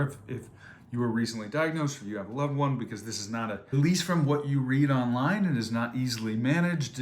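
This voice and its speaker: A man in his twenties telling a personal story to camera on a trip, rambling with lots of fillers and repeated words. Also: mid-range voice. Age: 20s. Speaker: vlogger. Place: on a surf trip. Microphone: phone or camera, quickly made video.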